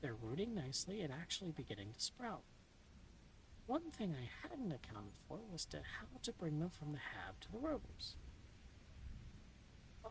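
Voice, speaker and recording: A woman reading a novel aloud in a soft-spoken ASMR style, slipping into whispers now and then, with dry, deadpan humor. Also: low-pitched, vocal fry, slight background noise, low-quality recording. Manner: soft, dips into whispers at times.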